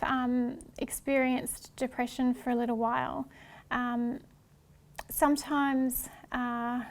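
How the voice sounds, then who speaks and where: A woman presenting a workshop talk in a gentle, hesitant way, with many ums and restarts. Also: high-pitched. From Australia.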